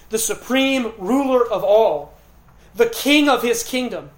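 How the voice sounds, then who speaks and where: A man's voice: high voice, expressive. Earnest preaching man in an echoey hall. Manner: earnest preaching with emphatic repetition and pauses. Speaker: pastor. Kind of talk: sermon.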